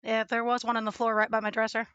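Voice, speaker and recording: A young woman chatting casually at home while studying, cooing baby talk to her dog in a creaky voice. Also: fairly high pitch, monotone, fast, a bit bright, no echo, dull audio. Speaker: streamer. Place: home room with a desk and green screen.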